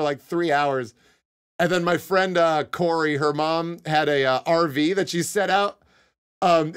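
A young man talks straight into his desk mic on a live stream, spinning a rambling story for his chat. His voice sits a little high for a man. He swears freely and keeps breaking into laughter. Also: clear, resonant tone. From Connecticut. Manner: animated, swearing, laughing often.

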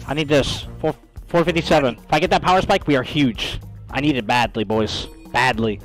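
A young man streaming a video game, commenting live with profane, hyped chatter and sudden bursts of yelling. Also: mid-range voice, fairly quick, poor audio. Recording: loud game music behind voice. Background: game music.

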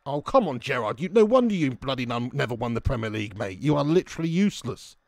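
A young man commentates his own football video game live, shouting at his players and swearing. He keeps stopping to greet viewers from chat by name. His voice sits at an ordinary middle pitch and is recorded dry and close, with little room sound. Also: lively intonation, fast, creaky, no echo.

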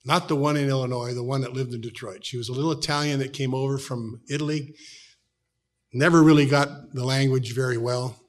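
A middle-aged man with an American accent, preaching a sermon as a pastor, telling stories and dropping from loud to hushed tones. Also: medium pitch, fairly even intonation, brisk. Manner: storytelling, shifts from loud to hushed.

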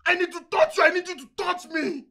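An actor playing a frustrated husband who pleads and shouts. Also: male voice, very high-pitched, fairly even intonation, quick pace, creaky, full character voice. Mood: aggrieved. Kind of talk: film drama acting.

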